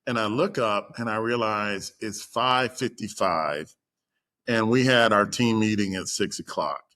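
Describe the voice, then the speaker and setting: A man telling a personal story in a casual chat, acting out the people he quotes with lively shifts in voice. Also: on the low side, unhurried. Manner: animated, acts out quoted voices. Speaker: guest storyteller.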